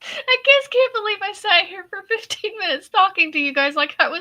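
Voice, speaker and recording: A woman's voice: extremely high pitch, moderate pace, pushed and bright. A woman, casually chatting on her crochet livestream, giggly and talkative, laughing so hard her eyes water. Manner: giggly, chatty, addresses viewers as y'all. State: laughing to tears.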